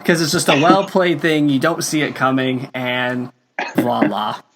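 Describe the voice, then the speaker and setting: A man's voice: medium pitch, steady tone, unhurried, fairly bright tone. Rambling young man on a podcast. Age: young adult. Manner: rambling, many fillers and restarts, chuckles. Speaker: podcast host. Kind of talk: casual podcast chat.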